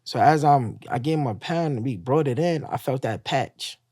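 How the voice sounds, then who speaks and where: A man's voice: mid-range voice, normal speed, a little mellow, dry recording, studio quality. A man casually telling a raw personal story, profane, acting out the voices he quotes. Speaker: guest telling his story.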